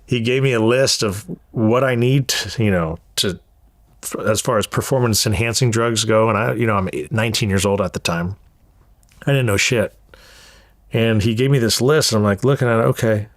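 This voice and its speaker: A man from Southern California recounts his past as an interview guest, cursing freely and stumbling over repeated words. His voice sits on the low side, heard close and dry with no room sound around it. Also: moderate pace, no echo. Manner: candid, profane, repeats words as he goes. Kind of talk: storytelling interview.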